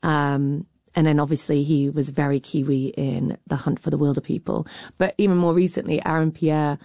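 Woman critic on the radio, low mellow voice, kinda wry, dry room. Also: fairly even intonation, moderate pace, dry recording. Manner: frank, wry, with fillers. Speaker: critic and cultural commentator. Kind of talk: radio arts discussion.

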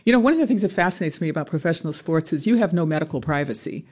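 A man's voice: on the high side, animated, racing, a little mellow. A man interviewing guests, asking probing, empathetic questions.

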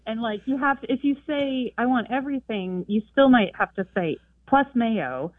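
A woman's voice: fairly high pitch, lively intonation, moderate pace. A woman calling in to a radio show, talkative and emphatic, often quoting herself. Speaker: caller. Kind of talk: phone-in chat. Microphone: telephone. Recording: tinny phone line.

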